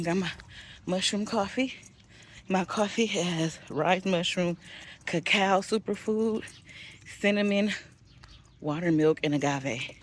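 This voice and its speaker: Chatty mom vlogging outdoors. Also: female voice, fairly low pitch, a little hiss or hum. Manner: relaxed and chatty, loud excited cheering from the sidelines. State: slightly winded. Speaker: vlogger, parent at a youth football game. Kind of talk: casual vlog chat. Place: outdoors at a youth football field.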